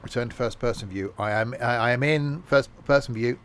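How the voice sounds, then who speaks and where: A man's voice: medium pitch, fairly quick, fairly bright tone, slight background noise. A man streaming a train simulator, talking in casual, rambling commentary full of fillers and self-mocking asides, from a home setup.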